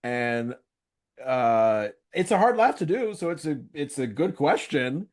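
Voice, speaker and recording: A man's voice: on the high side, very animated, unhurried. A young man co-hosting a casual podcast, chatting animatedly, often laughing, swearing and acting out lines from a sitcom in put-on voices. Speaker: podcast co-host recapping a sitcom. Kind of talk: casual chat.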